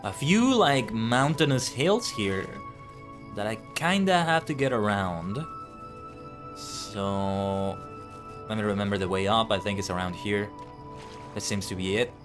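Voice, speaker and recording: A man's voice: lowish voice, expressive, a little slow, pauses often, music in the background. A man with a non-native accent musing aloud in casual live-stream chat while playing a game. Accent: non-native English accent. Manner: thinks aloud, rambling and musing. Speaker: VTuber streamer.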